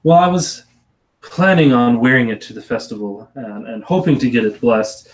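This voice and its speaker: A man's voice: medium pitch, moderate pace, natural voice, poor audio. A man voicing a polite noblewoman who speaks in a gracious, somewhat rambling way. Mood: concerned. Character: polite noblewoman at her desk.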